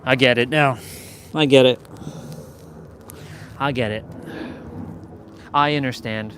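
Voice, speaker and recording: A young man talks slowly while he works out, rambling and cracking jokes, sometimes short of breath between sets. His pitch sits in an average range. He swears now and then and repeats phrases for effect. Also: fairly even intonation, noisy background. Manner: loose, joking, swears, repeats himself. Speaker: fitness vlogger. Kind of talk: casual chat while working out.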